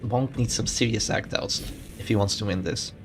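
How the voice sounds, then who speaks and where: A man streaming a tournament and commentating live in a chatty, animated way, thinking aloud and restarting his sentences. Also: fairly low pitch, moderate pace, music in the background. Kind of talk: casual live game commentary.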